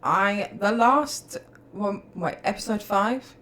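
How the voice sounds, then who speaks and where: A woman, co-hosting a podcast in a casual, animated chat full of storytelling and laughter. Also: mid-range voice, takes it slowly, slight background noise. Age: 30s. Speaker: podcast co-host.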